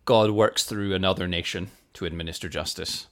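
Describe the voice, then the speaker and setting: Guy with a deep voice chatting thru bible facts, laid back, chuckles a lot. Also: fairly even intonation, a little fast, a bit bright. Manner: thoughtful, self-deprecating, laughs easily. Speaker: podcast co-host. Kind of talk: casual chat and Bible teaching.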